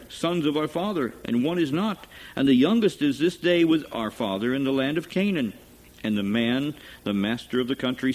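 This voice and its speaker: A man's voice: mid-range voice, darkish tone, lightly acted, low-quality recording. Anxious brothers, earnest pleading; male scripture reader. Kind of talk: scripture reading.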